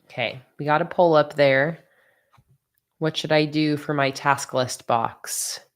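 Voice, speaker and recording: A woman's voice: low-pitched, slow pace. A sleepy, yawning woman hosting a casual planning livestream, chatting with viewers as she thinks aloud. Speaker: bullet journal livestream host. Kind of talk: casual livestream chat while crafting.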